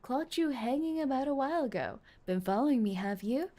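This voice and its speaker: A woman's voice: sits high, lively intonation, fairly quick, dark tone. A woman doing a scrappy East London girl. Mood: chatty.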